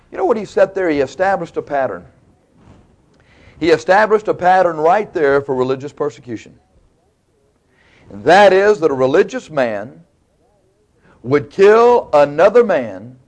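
A man's voice: fairly high pitch, darkish tone. A man preaching a sermon, retelling stories in a folksy, colloquial, dramatic way. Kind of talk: sermon, storytelling.

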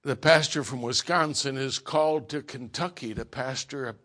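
Bright-voiced man preaching with folksy punch. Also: medium pitch, normal speed. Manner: emphatic folksy storytelling. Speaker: pastor. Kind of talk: sermon.

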